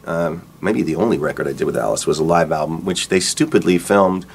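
Low-voiced man telling rock stories. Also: a little fast, creaky, breathy edge. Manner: relaxed, rambling, acts out quotes with laughs. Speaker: rock guitarist telling his career story. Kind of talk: casual storytelling interview.

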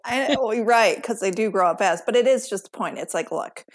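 A woman's voice: medium pitch, expressive, fairly quick. A woman in her thirties from suburban Detroit, talking as a guest on a podcast in a blunt, profane, frank way. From Detroit suburbs, Michigan. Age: 30s. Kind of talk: casual podcast interview.

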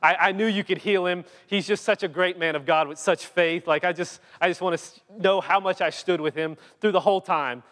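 A preacher puts on a gushing, self-important crowd member, sing-song and fawning, pitched higher than an ordinary man's speaking voice. The flattery rings out with a long reverb trailing after each phrase, as in a big hall. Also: a little fast, hardly any pauses.

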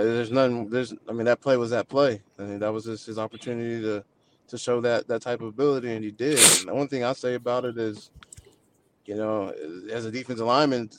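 Man answering over a noisy call. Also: mid-range voice. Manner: measured, hedging with "I mean". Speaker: guest, pro football player. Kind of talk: casual interview answers. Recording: noisy remote call, choppy.

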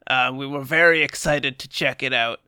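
A man playing a tabletop role-playing game, speaking in character in a hesitant, halting way. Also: medium pitch, fairly even intonation, pushed and bright, clean tone, no room sound, studio quality. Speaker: player.

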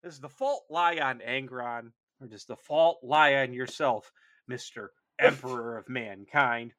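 A man's voice: medium pitch, unhurried, a bit bright, close to an everyday voice. A man putting on a smug scheming emperor in a mocking, offhand way during casual chat.

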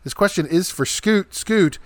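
A man's voice: high voice, animated, dry recording. Man hosting a casual podcast quiz. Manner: chatty, reads questions and options slowly. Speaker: quiz show host.

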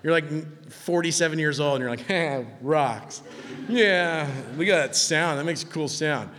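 A man preaching a sermon in a casual, animated way, acting out quotes in lively voices. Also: a little high, measured pace. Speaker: pastor. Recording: long hall reverb.

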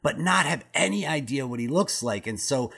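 A man hosting a casual podcast chat, ranting and cursing with plenty of energy. His pitch leaps up and down as he gets carried away, and he keeps to a mid-range voice. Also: normal speed, gravelly, breathy edge. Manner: animated, swearing, ranting. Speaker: podcast host.

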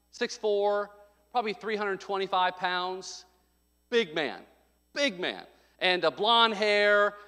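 A male pastor preaching a sermon, telling a story with loud bursts and sudden drops to quiet. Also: high voice. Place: church sanctuary. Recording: long hall reverb.

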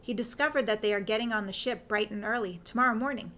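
A woman reading as a brisk, teasing lady detective. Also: fairly high pitch, fairly bright tone, close to an everyday voice. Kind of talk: fan fiction audiobook reading.

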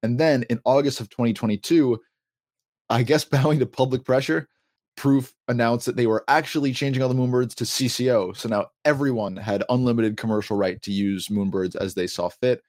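A man's voice: mid-range voice, steady tone, fairly quick, a little mellow, no room sound, studio quality. A man hosting a podcast, chatting casually and explaining things at length with small laughs. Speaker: podcast host.

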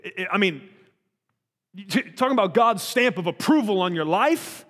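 A man's voice: high-pitched, normal speed, a bit bright, long reverb tail. A man giving a conversational Bible teaching, earnest and talky, with frequent restarts and rhetorical questions.

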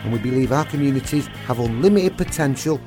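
Male co-host, mid-pitched, upbeat scripted bulletin read over a faint music bed. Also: lively intonation, fast talker. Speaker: podcast co-host. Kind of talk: scripted charity news bulletin.

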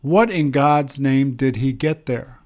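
Slow, deliberate male English teacher. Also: mid-range voice, darkish tone. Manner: slow, deliberate, with pauses and fillers. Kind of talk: explaining grammar lesson.

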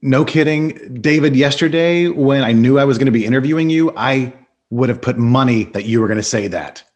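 A man hosting a casual podcast interview, upbeat and quick to laugh. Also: medium pitch, darkish tone. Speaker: podcast host.

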